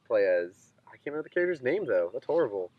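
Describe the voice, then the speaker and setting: A man co-hosting a casual chat, relaxed and rambling with lots of fillers. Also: medium pitch, fast, dull audio.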